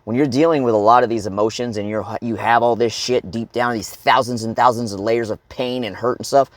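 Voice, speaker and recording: A man coaching viewers in a blunt, profane monologue, often checking in with "okay?" and breaking into loud shouts and grunts to demonstrate. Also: medium pitch, steady tone, a little fast, dry recording. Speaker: fitness and life coach.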